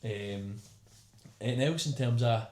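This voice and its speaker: A Scottish man co-hosting a casual podcast, chatting in fast, sweary banter. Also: medium pitch, a little mellow, reverberant. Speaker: podcast co-host.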